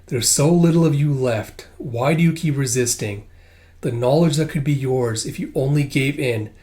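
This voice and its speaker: A man reading a comic aloud, voicing a dying old noblewoman in a haughty, contemptuous tone in his own middle-pitched voice. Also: moderate pace, mellow, natural voice. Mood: menacing. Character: imperious dying old noblewoman, cold and scornful.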